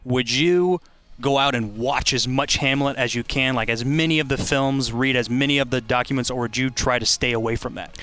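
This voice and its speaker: A man's voice: medium pitch, normal speed, sharp tone. A man interviewing a voice actor, asking long, curious, conversational questions.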